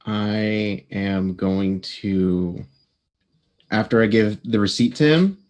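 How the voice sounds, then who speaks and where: A man narrates his character's actions in a tabletop game, stopping often and filling gaps as he thinks. His voice sits low, and his pace is slow. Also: darkish tone. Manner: halting, with many fillers.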